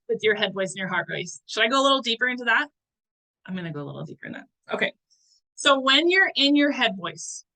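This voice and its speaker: A woman's voice: mid-range voice, sharp tone, low-quality recording. A woman in her thirties giving a motivational talk as a wellness coach, earnest and chatty, sometimes searching for words.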